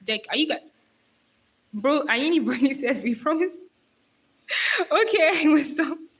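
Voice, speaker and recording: A teasing young woman talking to her live stream chat in a slightly high voice. She is chatty and slangy, reads out viewer comments, and laughs often. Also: a bit bright.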